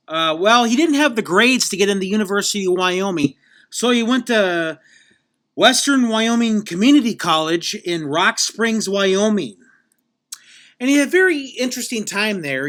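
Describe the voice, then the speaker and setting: A man hosting a podcast, telling a mock life story in a rambling, halting way with many restarts. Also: sits high, pushed and bright. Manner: halting, full of fillers and restarts. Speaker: podcast host.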